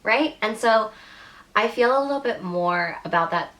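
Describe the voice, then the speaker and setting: A woman's voice: medium pitch, lively intonation, moderate pace, a bit bright. A woman talking casually to camera in a rambling, frustrated book review with lots of filler words.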